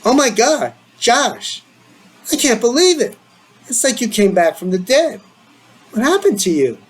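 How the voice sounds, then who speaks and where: A man's voice: big pitch swings, measured pace, husky, heavily acted, rough recording. A man voicing a teasing, eager teenage boy, in a playful, needling manner. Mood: excited teasing. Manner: playful, needling, higher and brighter than his own voice.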